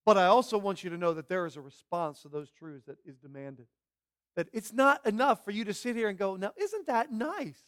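A man's voice: high voice, animated, brisk, fairly bright tone, clear, resonant tone, no echo, studio quality. A man preaching a sermon as pastor, emphatic and repeating key phrases for weight.

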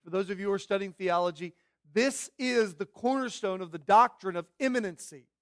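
Emphatic high-voiced male preacher. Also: a little fast, no room sound, studio quality. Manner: emphatic preaching, repeats key phrases. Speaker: pastor. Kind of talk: sermon.

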